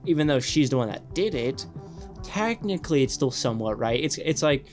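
A young man hosting a reaction channel, rambling excitedly and swearing often in casual commentary. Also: medium pitch, brisk, faint music behind.

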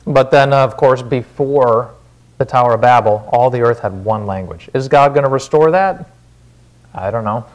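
A man's voice: medium pitch, normal speed. A man with a Wisconsin accent preaching a sermon in a church, casual and conversational, often asking "right?". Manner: conversational, frequent "right?" check-ins. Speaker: pastor.

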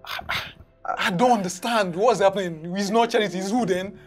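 A man's voice: high-pitched, moderate pace, faint music behind, close to an everyday voice. An actor playing a man who presses his panicked brother with questions and urges him to call the police. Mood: pressing. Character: level-headed brother confronting a panicked sibling. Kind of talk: film drama acting.

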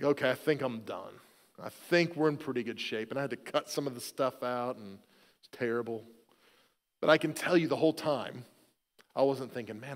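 Joking storyteller pastor in a big hall. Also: male voice, mid-range voice, clean tone. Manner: conversational storytelling with self-deprecating humor. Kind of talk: sermon. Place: church sanctuary.

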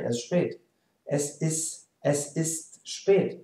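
A man with a German accent gives an online German lesson at a slow, patient pace, repeating each phrase. His voice is a little higher than most men's but mellow and dark. The room is echoey. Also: lively intonation. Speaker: German teacher.

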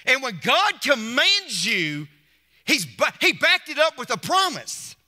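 A man's voice: very high-pitched, big pitch swings, a little slow, bright, forceful tone. A middle-aged man, preaching a Mother's Day sermon from the pulpit with emphatic repetition and call-outs to the congregation. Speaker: pastor. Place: church sanctuary. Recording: long church hall reverb.

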